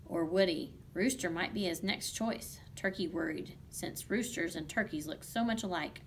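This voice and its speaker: A woman reading a picture book aloud to children, lively and playful. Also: on the low side, normal speed, slight background noise. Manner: lively, playful voices for the animals. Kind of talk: children's storybook read-aloud.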